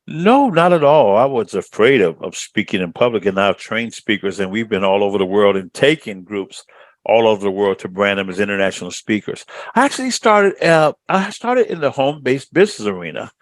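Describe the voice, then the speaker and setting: A man's voice: lowish voice, big pitch swings, brisk, dry recording. A middle-aged man from Chicago, answering interview questions as a speaker trainer in a confident storytelling manner. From Chicago, USA.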